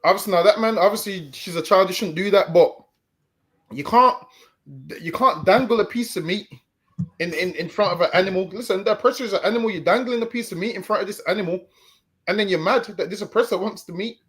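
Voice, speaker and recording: A man's voice: high voice, quick pace, a bit bright. A man hosting a live stream show, chatting casually and often stammering and repeating words. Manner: stammering repetitions, easygoing.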